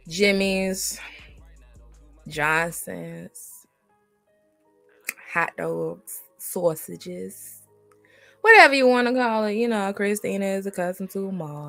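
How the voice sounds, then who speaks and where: A woman's voice: medium pitch, a bit bright. Sassy woman giving sarcastic reaction commentary. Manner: sassy, sarcastic, addressing the subject directly.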